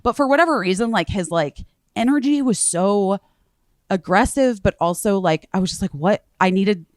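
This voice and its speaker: A woman hosting a podcast, telling a story in casual chat, animated, acting out what others said and swearing freely. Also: medium pitch, moderate pace, no echo, clean studio sound. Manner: animated retelling, acts out quoted voices, swears freely. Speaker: podcast host.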